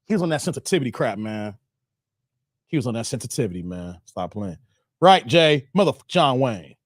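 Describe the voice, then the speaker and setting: A man's voice: medium pitch, very animated, fairly quick, no room sound, clean studio sound. A man, hosting a casual livestream, reading viewer chats, laughing, teasing and singing snatches of old songs.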